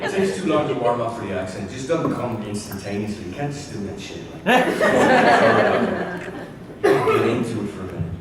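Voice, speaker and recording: Swearing, animated male panel storyteller. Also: medium pitch, moderate pace. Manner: swears freely, animated, mimics others. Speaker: convention panel guest. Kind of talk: profane comic storytelling. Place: large convention hall. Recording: echoey hall, distant mic, loud noise.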